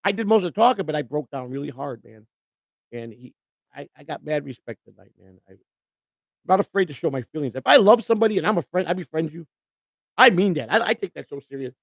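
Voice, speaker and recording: A man's voice: a little high, expressive, fast, vocal fry, no room sound. A man hosting a live stream in casual chat, overjoyed and near tears, talking emotionally with lots of stammering and repeated words.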